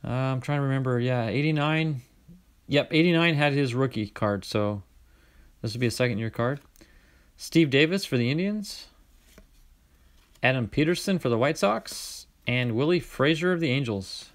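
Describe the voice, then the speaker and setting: A man hosting a casual card-opening video, reading out player names in a chatty way, with sudden bursts of excitement. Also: medium pitch, moderate pace. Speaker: card-collecting channel host.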